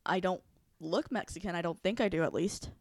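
A woman's voice: fairly low pitch, brisk, dry recording, studio quality. A woman co-hosting a casual talk show, retelling a personal story candidly and animatedly, swearing freely. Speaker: podcast co-host.

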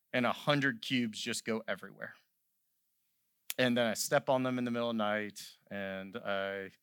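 Male pastor, sermon, bright ringing voice, dry close sound, builds from quiet asides to loud fervent peaks. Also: medium pitch, clean tone, no echo. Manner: impassioned, swells from quiet to loud; conversational storytelling asides.

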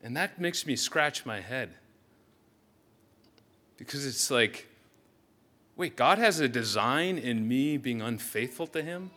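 A man's voice: mid-range voice, expressive, slow, pauses often, sharp tone. A man preaching a sermon as pastor, earnest and reflective, often restarting his sentences.

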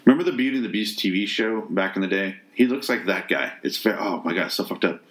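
A man's voice: low voice, expressive, fast talker, fairly bright tone. A man reviewing a movie in a casual rant, sarcastic and exasperated, swearing often and restarting his sentences.

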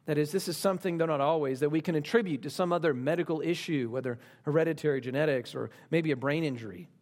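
A middle-aged man delivers a sermon in a slightly higher than usual voice. He is emphatic, repeating phrases for stress and slowing down on the lines that matter most. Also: darkish tone. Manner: speaks slowly on key lines and rises in pitch for emphasis. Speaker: pastor.

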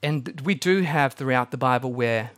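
A young man preaching a sermon to his church, telling stories with animated energy and acting out the people he quotes. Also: mid-range voice, moderate pace. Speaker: pastor.

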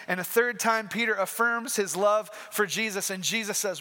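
A man's voice: sits high, moderate pace, hardly any pauses, pushed and bright. A man preaching a sermon, emphatic and repeating his key points, heard in a reverberant hall.

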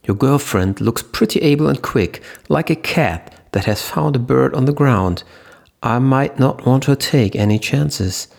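A man's voice: medium pitch, animated, measured pace, creaky, a little mellow, pitched above the performer's own voice. A male narrator voicing a tough, impatient female army lieutenant who talks bluntly. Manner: snorting, blunt, teasing.

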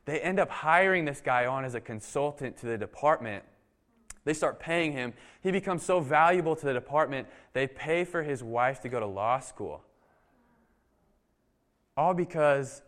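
A man preaching a sermon to his church, telling a story with casual phrasing and acting out the dialogue. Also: medium pitch. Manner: animated storytelling, acts out quoted dialogue; casual, frequent "like". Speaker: pastor.

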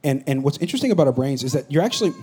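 A man preaching a sermon, going from loud comic storytelling to a hushed, serious tone. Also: medium pitch, big pitch swings, very fast, slightly rough. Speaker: pastor.

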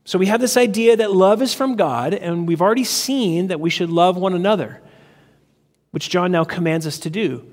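A notably high-voiced male pastor works through scripture verse by verse in an expository sermon in a church sanctuary, speaking at normal speed with a darkish tone. His methodical teaching leans on repeating key phrases for emphasis. A long hall reverb makes his voice ring.

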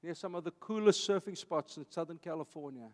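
In a large hall, a South African pastor in his fifties talks to his church with an Afrikaans accent. He's brisk and high-pitched, with an emphatic, preacherly manner full of repeated phrases.

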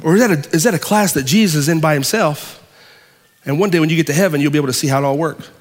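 High-voiced pastor preaching in a hall. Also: male voice. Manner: preaching with dramatic pauses and swings from loud to hushed. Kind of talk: sermon.

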